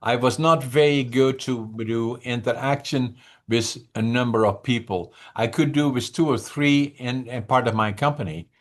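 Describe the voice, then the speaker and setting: An older man speaks English with a Dutch accent, his first language being Dutch. He talks at a middling pitch in an unhurried, halting way, pausing and restarting as he works through his thoughts in an interview. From northeastern Netherlands. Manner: deliberate, halting, with restarts and slowdowns. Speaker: guest. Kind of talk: interview conversation.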